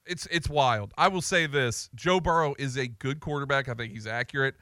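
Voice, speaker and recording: A man hosting an afternoon sports talk radio show, excitable and blunt, taking calls. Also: medium pitch, moderate pace, no room sound, clean studio sound.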